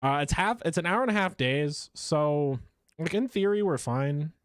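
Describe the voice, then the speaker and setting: Male streamer, chatty and animated, a touch high-pitched, dry close mic. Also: moderate pace, clean tone, dry recording. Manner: chatty, animated, self-mocking. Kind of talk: live gameplay commentary.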